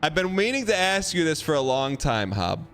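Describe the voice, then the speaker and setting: A male game streamer chatting live with his viewers in a rambling, halting, playful way. His voice sits a little higher than most men's, with faint music running beneath it. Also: very animated, fairly bright tone. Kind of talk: casual live-stream chat.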